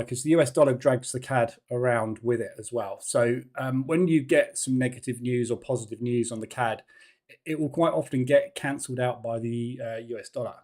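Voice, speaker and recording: A man's voice: medium pitch, darkish tone. Rambling man hosting a live trading stream. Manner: chatty, rambling, many fillers and restarts. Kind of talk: live-stream market commentary. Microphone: faulty mic.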